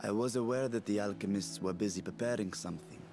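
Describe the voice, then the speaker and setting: An actor voicing an ancient dragon who speaks through a vessel, deep, measured and formal, in a game cutscene. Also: male voice, close to an everyday voice. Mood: solemn. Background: game music.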